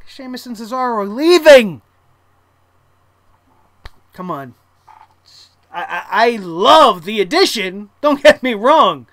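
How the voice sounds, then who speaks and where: A blunt, sarcastic reviewer tears into the latest show, swearing freely and breaking into loud exasperated outbursts. Their voice sits at an ordinary middle pitch and sounds close and dry, with no room behind it. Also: sing-song, takes it slowly, long pauses, no room sound. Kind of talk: casual ranting show review.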